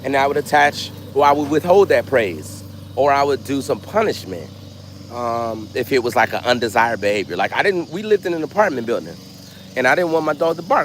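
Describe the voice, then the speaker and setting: A man vlogging, telling stories in a loose, animated way and acting out voices. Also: mid-range voice, brisk, slight background noise. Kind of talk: casual storytelling.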